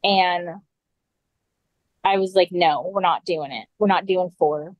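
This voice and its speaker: A woman with a low voice shares a personal story as a podcast guest, speaking slowly and conversationally, full of "like" and quoted dialogue. Her voice sounds dry and close with no room or echo, and the audio is dull.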